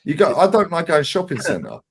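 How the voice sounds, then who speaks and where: A man in his 40s, a regular guest on a fan livestream, tells stories in a casual, animated chat, swearing freely and acting out what other people said. His voice is on the high side with vocal fry, and he speaks briskly while a crowd can be heard in the background.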